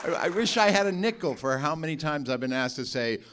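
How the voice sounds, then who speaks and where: A man's voice: fairly high pitch, a little fast, crowd noise, background noise. A man, an actor guest, telling anecdotes in casual talk and laughing often. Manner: laughs often, animated storyteller.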